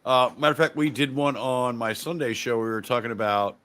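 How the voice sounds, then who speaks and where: A man's voice: medium pitch, fairly quick, clean tone. Profane, rambling podcast host man. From Virginia. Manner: profane, rambling, animated storytelling. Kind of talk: casual panel chat.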